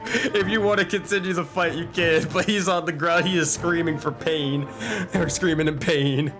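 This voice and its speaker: A man narrating as dungeon master, animated and loose, in a casual style. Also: fairly high pitch, normal speed, over music. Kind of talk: narrating a tabletop game.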